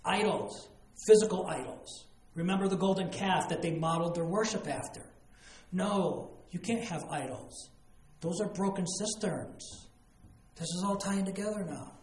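A man's voice: on the high side, a little mellow, reverberant. A man preaching a sermon, explaining scripture with emphatic asides and acted-out quotes. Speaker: pastor.

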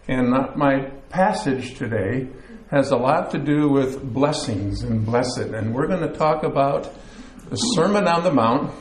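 A man's voice: medium pitch, a little slow, slight background noise. A man preaching a sermon from a church, an easygoing storyteller who eases in with a joke. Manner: relaxed storyteller, easygoing with fillers. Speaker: pastor. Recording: roomy echo.

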